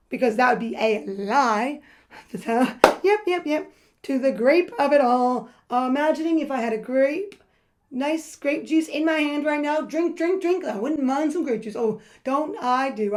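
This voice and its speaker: A rather high-voiced woman talks through her nail painting in a loose, rambling way. She gets excitable and sing-song, and her voice crackles a little. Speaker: nail art vlogger. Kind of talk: casual voice-over while painting nails.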